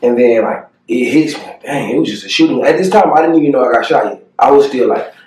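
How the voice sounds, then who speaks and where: A young man telling a painful personal story to the camera, earnest and halting, with many fillers and pauses. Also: mid-range voice, lively intonation, a little mellow, recorded from a distance. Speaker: family vlogger. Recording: echoey room, voice a bit off-mic.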